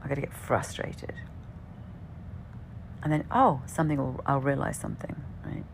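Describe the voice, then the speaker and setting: A woman with a low voice and a gravelly, creaky edge tells a personal story in a relaxed way. She keeps checking in with "right?" and sometimes trails off into a soft whisper. A faint hiss sits under the recording. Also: normal speed. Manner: conversational, often asks "right?", swears casually.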